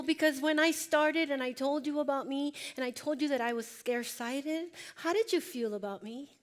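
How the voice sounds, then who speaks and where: A woman's voice: high-pitched, lively intonation, normal speed. A woman presenting a workshop, speaking emphatically and directly to her audience as she coaches them. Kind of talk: motivational workshop talk.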